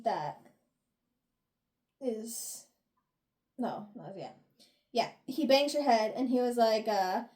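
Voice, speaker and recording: A woman's voice: fairly high pitch, lively intonation, takes it slowly, pauses often, darkish tone. A young woman co-hosting a book review podcast, retelling chapters casually and acting out the characters' lines with lots of laughs. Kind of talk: casual book recap chat.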